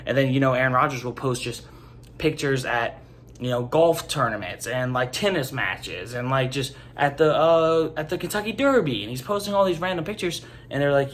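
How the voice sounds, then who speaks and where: A young man hosts a casual sports opinion segment, rambling animatedly and saying "like" in nearly every sentence. His ordinary middle-pitched voice moves a little fast, over a faint hiss of background noise.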